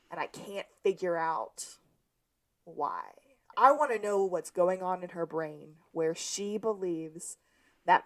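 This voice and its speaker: A woman co-hosting a podcast, calmly narrating a TV episode's plot in casual chat. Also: lowish voice. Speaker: podcast co-host.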